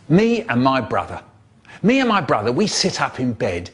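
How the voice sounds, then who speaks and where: A man telling comic stories in an animated, exaggerated way, with sudden leaps in pitch. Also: normal speed, slightly rough. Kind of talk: spliced comic storytelling.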